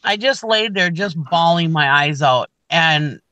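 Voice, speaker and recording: A woman's voice: deep voice, animated, measured pace, sharp tone, dry recording, highs cut off. A middle-aged woman co-hosting a casual morning show, telling a long story with lots of restarts. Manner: rambling storyteller, frequent restarts. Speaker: co-host. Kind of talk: casual chat.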